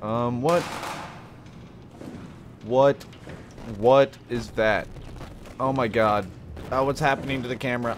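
A man's voice: medium pitch, measured pace, pauses often, noisy background. A man doing gameplay commentary on a horror game, joking to himself and blurting startled exclamations. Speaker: let's play host. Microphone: desk mic with face cam.

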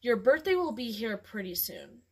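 A woman's voice: fairly high pitch, very animated, normal speed, slightly rough. Give me a woman reading as a kind, slightly bossy older sister from a storybook.

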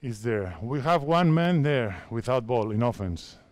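A man in his fifties from Spain, a basketball coach speaking halting English with a Spanish accent as he directs players through drills at a clinic. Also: mid-range voice, lively intonation. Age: 50s. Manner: halting non-native English, repeats phrases, directs players.

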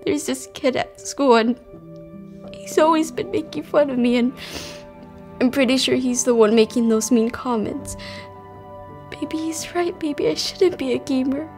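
An actress playing a shy teenage girl gamer who is hurt by a bully, speaking softly and hesitantly. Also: high-pitched, a little slow, pauses often, faint music behind. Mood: sad. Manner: soft, hesitant. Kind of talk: scripted drama acting.

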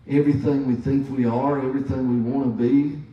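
A man in his fifties preaching a sermon as pastor, slowly and emphatically, repeating key phrases. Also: mid-range voice, level tone, lo-fi sound. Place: church sanctuary. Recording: very echoey church from a distance.

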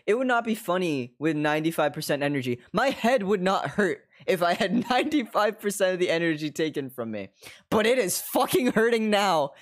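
A man's voice: high-pitched, sing-song, a little fast. A young man live streaming from his desk at home, chatting casually, swearing constantly, laughing often and slipping into other accents.

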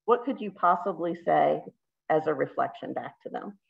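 A woman's voice: deep voice, lively intonation, moderate pace, gravelly, narrow, tinny audio. A woman facilitating an online workshop, upbeat and chatty, asking the group questions. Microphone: video call.

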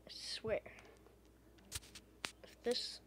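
A woman giving casual gameplay commentary, often frustrated, exclaiming loudly and muttering under her breath. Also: extremely slow, in a whisper. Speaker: gamer.

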